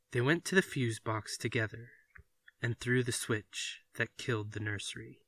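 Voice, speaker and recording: A man reading a short story aloud with even, deliberate narration. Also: fairly low pitch, dry recording. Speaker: reader.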